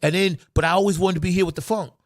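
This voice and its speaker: A man who plays funk music, telling stories about his career in an emphatic, animated way that rises into excited bursts. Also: high voice, racing, no room sound, studio quality. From Long Island, New York. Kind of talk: animated storytelling.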